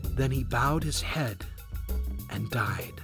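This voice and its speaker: A man tells a children's story at an unhurried pace, his voice rising and falling with expression. His pitch sits a touch high, and steady music plays beneath him. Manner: slow, expressive. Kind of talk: storybook narration. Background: background music.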